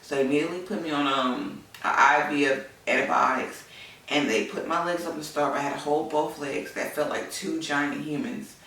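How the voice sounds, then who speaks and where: A woman's voice: low voice, fairly even intonation, normal speed, a bit bright. A woman candidly telling a personal story in a chatty way, with many fillers. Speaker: vlogger, new mother. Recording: echoey room, mic at a distance.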